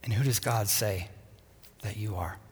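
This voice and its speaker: A man preaching a sermon as pastor, earnest, repeating a refrain and dropping to a soft near-whisper. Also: lowish voice, measured pace, breathy edge. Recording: long reverb in a large hall.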